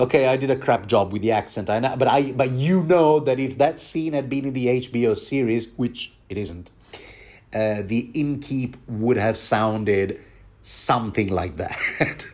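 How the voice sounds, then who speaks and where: Male commentator, rambling and self-mocking, mid-pitched. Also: moderate pace, a little mellow. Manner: chatty, self-mocking, many fillers. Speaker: book commentator.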